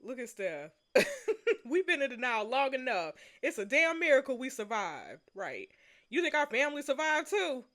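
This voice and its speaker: A woman's voice: high-pitched, normal speed. A woman playing through a story game, chatting playfully to her viewers between lines. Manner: animated, playful, talks to viewers. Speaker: game player. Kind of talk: casual game commentary.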